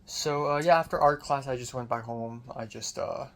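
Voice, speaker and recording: A college student in his young adult years records a casual video diary, frustrated, self-critical and swearing often. His deep voice sounds strained from screaming, and he talks at a normal speed.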